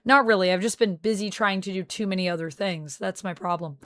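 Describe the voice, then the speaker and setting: A woman hosts a relaxed livestream, chatting and answering her viewers one by one. Her voice sits in a middle register and comes across smooth and clear. The sound is dry and close, with no room echo. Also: medium pitch, a little fast. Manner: chatty, answers chat messages aloud. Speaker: streamer. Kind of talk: casual livestream chat. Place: home on a military base.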